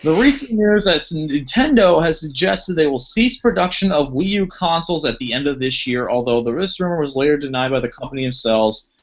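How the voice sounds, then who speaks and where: A man's voice: a little high, a little fast, hardly any pauses. Man reading gaming news on a podcast. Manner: steady, reads out articles. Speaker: podcast host. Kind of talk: casual chat, reading news. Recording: dull lo-fi sound.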